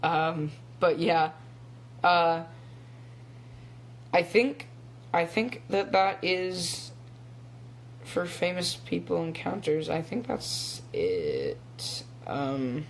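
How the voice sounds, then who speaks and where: A man's voice: fairly high pitch, very animated, drawn-out words, gravelly, pauses often, slight background noise. A teenage boy chatting casually on a phone live stream, rambling with lots of ums and little laughs. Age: teens. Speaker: young actor live-streaming. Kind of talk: casual chat.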